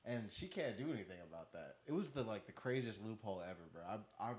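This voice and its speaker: A man's voice: lowish voice, fast. A young man telling stories in a casual podcast chat, acting out what people said to him. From Texas. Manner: animated storytelling, acting out quotes. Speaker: podcast guest.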